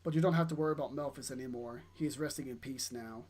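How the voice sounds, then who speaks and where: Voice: mid-range voice, fast talker, a little mellow, pitched below the performer's own voice, close to an everyday voice. A player reading aloud for a blunt, sardonic young male mercenary. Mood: gruff. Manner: blunt, teasing.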